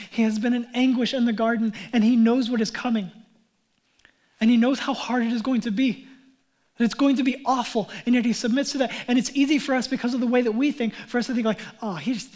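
Male pastor, thirties, casual storytelling sermon that swells into sincere emphasis. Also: very high voice. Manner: conversational storytelling, building to earnest emphasis; drops to a hushed near-whisper on key lines.

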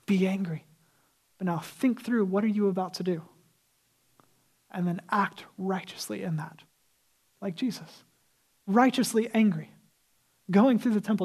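Preaching conversationally, a pastor with a high, darkish voice imitates those he quotes. At key moments he lowers his voice to a whisper for emphasis.

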